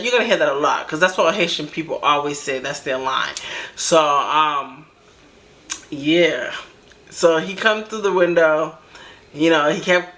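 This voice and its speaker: A young woman chatting casually through a personal storytime, animated and swearing freely, with laughter in her voice. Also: deep voice. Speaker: vlogger telling a story.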